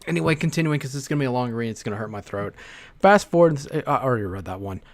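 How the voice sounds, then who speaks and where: A man's voice: medium pitch, lively intonation, racing. A man on a livestream reading messages aloud in a casual, profane rant with sarcastic asides.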